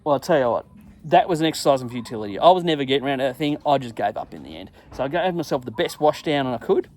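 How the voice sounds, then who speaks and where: A middle-aged man hosting his own show, telling a crude, self-mocking travel story in a casual monologue and acting out his own shouts. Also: mid-range voice, expressive, quick pace. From England. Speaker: podcast host.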